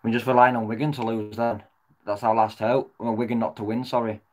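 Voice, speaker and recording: A man reacting live as a football fan. His voice sits at an ordinary pitch. He curses freely and flips between low muttering and shouting at the referee. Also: little pitch movement, brisk. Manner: swears often, shouts at the referee, swings from mutters to yells.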